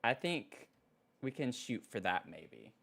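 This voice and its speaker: A man streaming casually at his desk mic, excitable and giggly, cooing softly to his pet between thanks to viewers. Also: mid-range voice, slow pace, vocal fry. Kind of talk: casual live-stream chat. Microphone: desk microphone.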